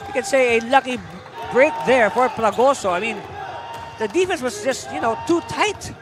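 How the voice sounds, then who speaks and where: A man with a Filipino accent doing lively basketball commentary, with frequent fillers and rising excitement on the plays. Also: extremely high pitch, normal speed, crowd noise. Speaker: play-by-play commentator.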